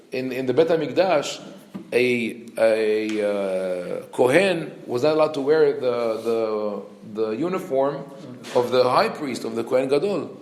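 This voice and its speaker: Teaching Torah, a rabbi reads Hebrew quickly and follows with translation and explanation of each verse. His voice is medium in pitch, he brings the characters' lines to life with lively intonation, and the space gives the audio a distinct echo.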